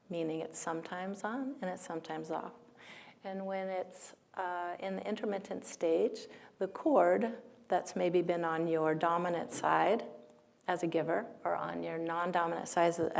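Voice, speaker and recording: An American woman giving a spiritual talk to an audience, gentle and unhurried, laughing often and sometimes dropping to a near whisper. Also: fairly low pitch, creaky. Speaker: speaker at a healing talk.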